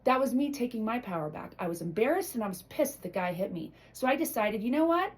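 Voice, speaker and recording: Fiery, animated woman giving a pep talk. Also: mid-range voice, quick pace, poor audio. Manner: blunt, emotional, swears freely. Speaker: motivational vlogger. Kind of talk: impassioned motivational monologue.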